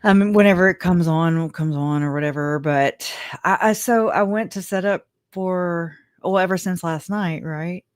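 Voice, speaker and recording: A woman's voice: fairly low pitch, moderate pace, hardly any pauses, no echo, studio quality. A woman with a country Louisiana accent hosting a live stream, talking in a rambling, chatty way and laughing often. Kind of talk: casual live commentary. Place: home room.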